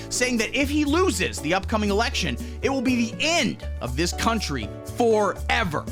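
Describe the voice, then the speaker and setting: A man hosting a satirical news show, delivering commentary in a mock-pompous, swaggering way with sudden low asides.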